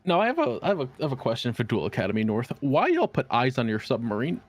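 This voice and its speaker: A man's voice: mid-range voice, fast, no room sound. A man co-hosting a podcast in casual chat, joking and swearing freely. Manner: animated, joking, profane. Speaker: podcast co-host.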